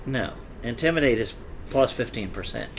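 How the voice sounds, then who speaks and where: A man's voice: mid-range voice, lively intonation, moderate pace, a little hiss or hum. A man playing a tabletop game, chatting casually in a rambling, hesitant way. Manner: rambling, hesitant, laughs a lot. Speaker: player.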